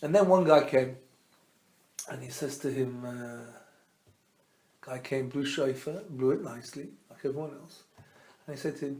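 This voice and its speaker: A man, a rabbi, teaching a Torah class as an animated storyteller who quizzes his listeners and mixes Hebrew terms into his teaching. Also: medium pitch, moderate pace, pauses often. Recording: roomy echo.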